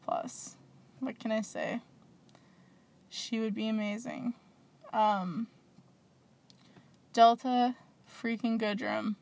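A woman's voice: a little high, fairly even intonation, slow, vocal fry, pauses often, darkish tone. A woman hosting a small podcast, rambling and gushing in casual chat with lots of fillers. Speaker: podcast host.

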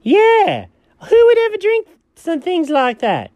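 A performer playing an excitable, chatty male buddy in an improvised audio story, talking in a playful, swooping way. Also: very high voice, takes it slowly, no echo, muffled recording, heavily acted. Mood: mouth full.

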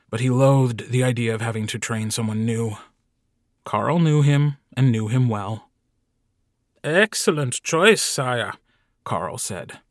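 A man narrating a comic short story audiobook in a wry, deadpan manner. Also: mid-range voice, no echo, studio quality. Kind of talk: scripted narration.

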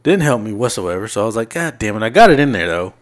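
A man's voice: lowish voice, fast. A man co-hosting a podcast, telling long stories from his week in casual, profane chat and acting out what people said. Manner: profane, animated retelling with laughs. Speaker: podcast co-host.

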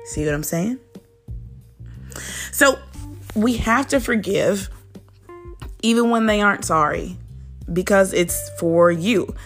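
A woman's voice: mid-range voice, lively intonation, takes it slowly, pauses often, faint music behind. A woman hosting a daily devotional, teaching in an earnest, conversational way and speaking straight to the listener. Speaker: devotional host.

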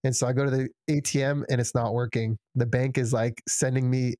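A young man spins a rambling tale on a casual podcast, leaning on fillers and little acted-out quotes. His voice sits at an ordinary pitch and sounds dry and close, with no room around it. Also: little pitch movement, brisk, warm tone, dry recording. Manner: rambling storyteller, filler-heavy, acts out quotes. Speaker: podcast co-host telling a story. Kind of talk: casual chat.

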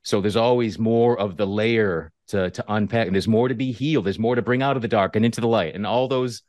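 A man hosting an interview, speaking reflectively and haltingly, with frequent restarts. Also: fairly low pitch, darkish tone, dry recording, studio quality. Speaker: host. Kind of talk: candid interview conversation.

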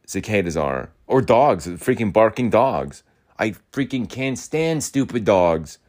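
A man's voice: fairly low pitch, very animated, unhurried, darkish tone. A young man rambling and ranting in a casual monologue, repeating himself and swearing often as he moves around his home. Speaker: podcast host. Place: rural home, in and out of doors.

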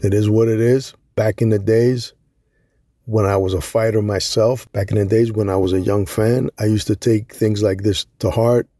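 A man's voice: lowish voice, fairly even intonation, moderate pace, warm tone, no room sound, studio quality. A middle-aged Puerto Rican man giving a blunt, profane, emphatic opinion monologue on boxing. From Puerto Rico. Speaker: boxing commentator.

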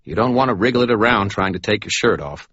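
A nervous, fussy little medical examiner, as a deep-voiced man puts him on, sputtering and exasperated, pitched well above the reader's own low, husky voice. The sound is dry and a little muffled, like a close audiobook recording. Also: expressive, fast, fairly bright tone, no room sound. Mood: fussing. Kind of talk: audiobook character voice.

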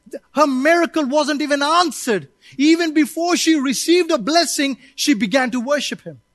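A man preaching a sermon, his voice unusually high and very dry on a close mic. He is emphatic and keeps calling out to the congregation for answers. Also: a bit bright, no room sound. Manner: emphatic, calls out to the congregation for responses. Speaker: pastor. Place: church service.

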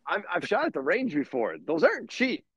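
A man from Detroit chiming in on a casual podcast with short, blunt reactions and frequent swearing. His pitch jumps around a lot, and the recording is dry and a little dull, with no room sound. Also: wildly swooping pitch, fairly quick, a bit bright, slightly rough, no room sound. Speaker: podcast co-host. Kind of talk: casual chat.

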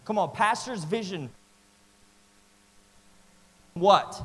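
A man preaching a sermon with passion, swinging between loud urging and quiet, close moments, using repetitive rhythmic phrasing. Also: fairly high pitch, animated, moderate pace. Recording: long hall reverb.

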